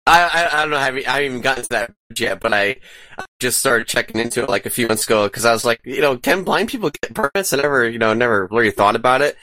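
A man's voice: medium pitch, very fast, sharp tone, dry recording. A man in a casual group chat, explaining earnestly and hesitantly, often repeating words.

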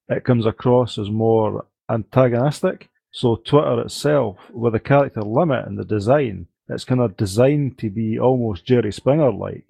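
A man's voice: medium pitch, creaky, warm tone, slightly rough, no echo. A man co-hosting a podcast in casual chat, rambling and breaking off his own sentences with ums. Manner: rambling, self-interrupting with ums. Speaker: podcast co-host.

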